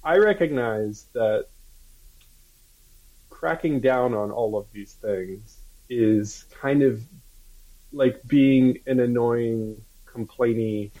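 A man's voice: mid-range voice, slow, phone-quality sound. A man in casual chat, speaking hesitantly and reflectively.

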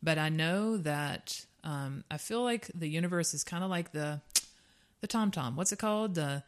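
A woman's voice: deep voice, animated, normal speed. A young adult woman co-hosting a podcast, chatting candidly with frequent laughs and casual swearing. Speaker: podcast co-host. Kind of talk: casual chat.

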